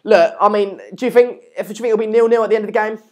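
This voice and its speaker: A man's voice: high-pitched, steady tone, rapid-fire, darkish tone. A man hosting a live football watchalong, chatting casually, reading viewer comments and repeating himself. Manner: rambling, repeats words and phrases.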